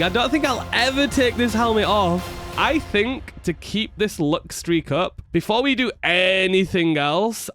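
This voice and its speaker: Casting: man with a high voice, excitable and self-deprecating, commenting on his own gameplay over soft background music. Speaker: gaming video creator.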